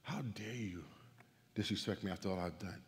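A man's voice: deep voice, moderate pace, lightly acted. A preacher voicing an indignant ancient king. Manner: aggrieved and reproachful. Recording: long reverb of a church hall.

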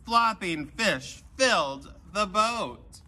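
A man giving a children's sermon, telling a Bible story with animated voices for the characters. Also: high-pitched, very slow. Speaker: pastor.

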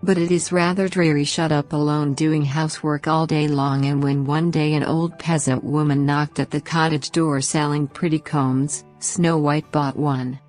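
A woman narrating a bedtime fairy tale in a slow, gentle, expressive reading. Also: low voice, soft background music. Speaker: storyteller.

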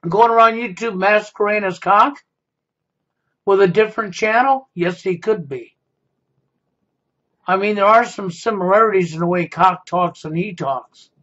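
A YouTube commentator with a high, pushed, bright voice delivers an accusatory, confrontational monologue at a measured pace, pausing often and capping his points with a pointed "okay?". The audio is dull and lo-fi.

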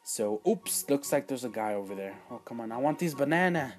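Excitable rambling male gamer. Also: mid-range voice, a little fast, soft background music. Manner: rambling, excitable, with sudden loud outbursts and quiet asides. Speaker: gaming channel host. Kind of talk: casual let's-play commentary.

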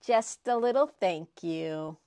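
A woman crafting vlogger unboxing prizes she won, gushing and excitable, often repeating herself. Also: fairly low pitch, slow pace, clean tone, dry recording. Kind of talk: casual unboxing vlog.

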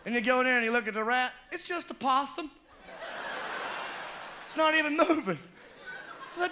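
Performing stand-up for a live club audience, this Southern American comic speaks high and shouty at a normal speed, pausing often. He acts out his stories animatedly with shouted character voices, and laughter rises from the crowd in the live recording.

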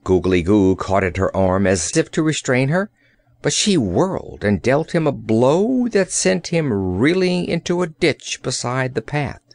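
A man narrating a children's fantasy audiobook with expressive storytelling. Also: mid-range voice, unhurried, dry recording. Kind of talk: scripted narration.

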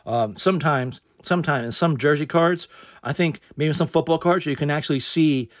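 A man's voice: on the high side, normal speed, dry recording, clean studio sound. A man hosting a casual card unboxing, rambling with lots of fillers and repeated exclamations.

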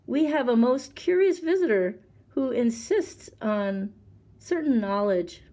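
A woman's voice: fairly high pitch, animated, slow pace, dark tone, voice pushed up. A woman voicing an anxious, learned holy man who speaks formally and sounds put-upon. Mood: nervous.

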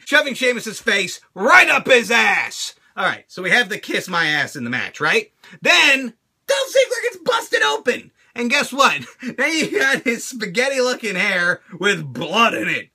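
A man hosting his own channel, reviewing a wrestling show in an animated, crude rant full of swearing and laughter. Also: high-pitched, normal speed, husky.

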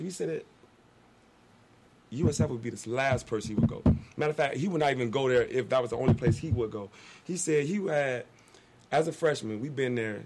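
A man, a guest telling a long story in casual talk on a radio show, animated and acting out the people he quotes. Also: medium pitch, fast, background noise.

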